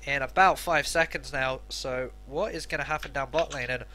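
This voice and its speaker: A man's voice: medium pitch, normal speed, bright, forceful tone. A man co-casting a live esports match, giving analytical color commentary. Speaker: esports co-caster.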